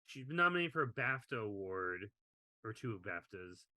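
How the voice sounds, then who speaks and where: Male podcast co-host, easygoing and quick to laugh, bright voice, dry close recording. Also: fairly low pitch, sing-song, dry recording. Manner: laughs while reading quotes. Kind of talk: casual chat.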